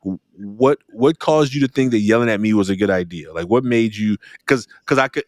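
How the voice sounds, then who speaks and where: A middle-aged man hosting an interview podcast, talking in a lively storytelling way. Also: brisk, no room sound, studio quality. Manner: animated storyteller, jumps high when acting out exchanges. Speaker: podcast host. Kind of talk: conversational interview.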